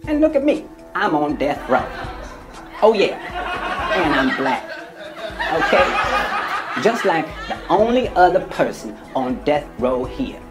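A man's voice: fairly high pitch, big pitch swings, slow pace, long pauses, over loud music, a loud crowd. A man doing a comedic impression of an indignant male death-row inmate, talking with exasperated, mocking swagger.

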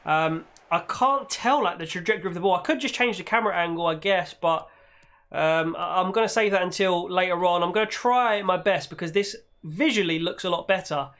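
A man commentating on his own football video game, reacting loudly and shouting at goals and the referee. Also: high voice, fairly quick. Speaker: gaming YouTuber. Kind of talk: excitable gameplay commentary.

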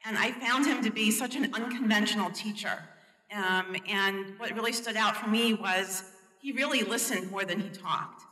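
A woman's voice: medium pitch, normal speed, pushed and bright. A woman asking a question from the audience, friendly and chatty. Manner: friendly, chatty, laughs easily. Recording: distant mic in echoey hall.

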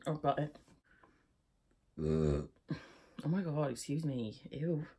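A young woman with an Irish accent talks through her vlog in a low, husky voice, easily set off into giggles. Her tone is dark and mellow, and she chats in a loose, rambling way. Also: sing-song, slow. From Ireland. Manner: giggly and chatty, prone to laughing fits. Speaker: YouTuber. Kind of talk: casual vlog chat.

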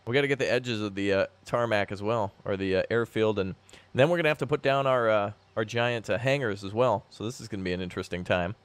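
A man hosting a multiplayer game session in casual chat with friends, rambling and joking, quick to exclaim. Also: on the low side, smooth, no echo.

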